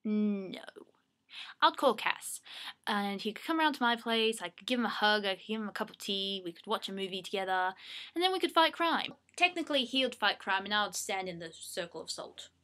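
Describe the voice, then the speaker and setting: Bright-voiced chatty Australian woman. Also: medium pitch, a little fast. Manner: chatty, self-mocking, animated. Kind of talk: casual fan question-and-answer monologue. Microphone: webcam microphone.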